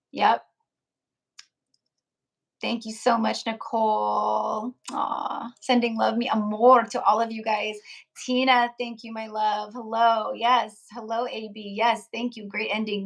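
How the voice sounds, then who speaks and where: A woman tarot reader chatting live to her viewers in a relaxed, rambling way. Her voice is getting rough and hoarse as she goes. She keeps breaking off to greet and thank people from the chat. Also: on the high side. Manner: chatty, reads out chat names, frequent "like" and laughs. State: voice going hoarse. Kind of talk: casual live-stream chat.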